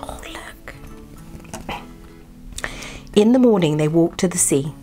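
A woman reading a children's bedtime story aloud in a soft, gentle manner. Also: on the low side, animated, a little fast. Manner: soft, gentle, drops to whispers. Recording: faint background music.

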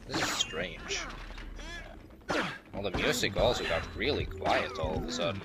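A man's voice: low-pitched, sing-song, moderate pace, pauses often, noisy background. A young man giving casual, rambling commentary as a let's play host, full of playful jokes and asides. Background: game music.

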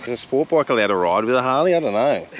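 A man's voice: mid-range voice, dull audio. A young Australian man chatting casually in a laid-back way as he vlogs outdoors on a windy day. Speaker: vlogger. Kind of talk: casual vlog chat. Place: outdoors by the road and beach, windy. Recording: outdoor noise from wind and traffic.

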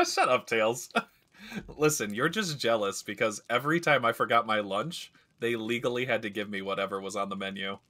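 A man's voice: lowish voice, a little fast, pushed and bright. A man streaming a video game, chatting casually and rambling through stories as he plays. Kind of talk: casual gameplay commentary.

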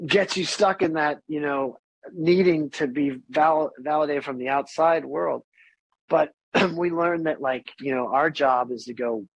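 Animated middle-aged man, slightly high voice. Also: a little slow, no room sound, low-quality recording. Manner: animated, candid, swears freely, acts out quoted voices. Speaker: podcast guest, musician. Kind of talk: casual interview conversation.

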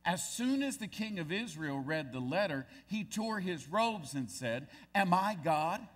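An American male pastor with a high voice and wide pitch swings preaches at a measured pace. He reads scripture aloud, then presses his points with mounting emphasis.

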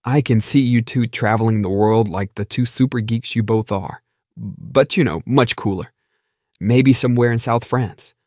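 A confident young friend who ribs his buddy in a loose, joking voice, played by a man in an audio drama. His pitch sits in the middle, and the recording is close and dry. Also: normal speed, a little mellow, no echo, lightly acted. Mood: teasing. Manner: breezy, joking.

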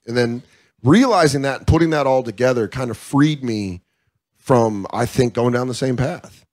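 A comedian guest in candid casual talk, frank and profane, acting out quoted voices. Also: male voice, mid-range voice, fairly quick, a little mellow. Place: comedy club.

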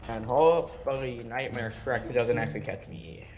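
A man's voice: mid-range voice, moderate pace, darkish tone, faint music behind. A man playing a game with a friend, joking and begging in mock panic while being chased. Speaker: guest player, host's friend. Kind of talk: casual gaming banter.

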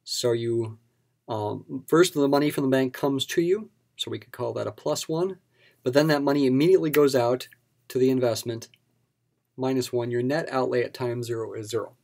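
A man's voice: medium pitch, moderate pace, gravelly, darkish tone. A man teaching a recorded math lesson in a patient, explanatory way, repeating key terms for emphasis. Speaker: math instructor.

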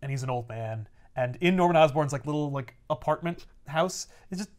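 Animated man retelling a comic plot. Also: fairly high pitch, a little fast. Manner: animated, acts out characters' lines while summarizing. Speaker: podcast co-host retelling a comic. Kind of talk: casual chat.

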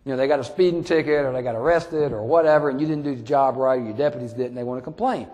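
A man's voice: medium pitch, quick pace, a little mellow. A man, a sheriff and police trainer, telling a story in a folksy, conversational training talk. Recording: echoey hall.

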